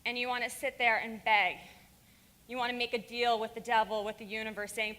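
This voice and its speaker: A woman speaking on stage with a high, bright and forceful voice, fiery and blunt, swearing freely. The sound rings with the long reverb of a large conference hall. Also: steady tone, fairly quick. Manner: fiery, frank and profane. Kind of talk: stage talk to a live audience.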